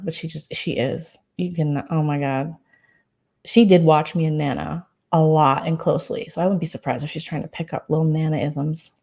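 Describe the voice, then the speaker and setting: A woman vlogger rambles through a casual late-night chat, full of fillers and restarts. Her voice sits a bit low, with a soft, mellow tone. She sounds relaxed and low key.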